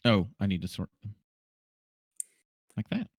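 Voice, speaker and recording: A man's voice: lowish voice, lively intonation, measured pace, vocal fry, slightly rough, no echo. A man acting as game master, calling turns and bantering in a wry, distracted way. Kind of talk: running a tabletop game over voice chat.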